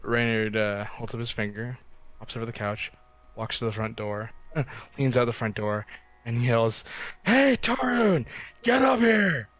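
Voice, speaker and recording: A man's voice: on the low side, level tone, normal speed. A man playing a tabletop game, describing his character's actions with dry, wry jokes. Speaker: player. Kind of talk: casual tabletop role-play.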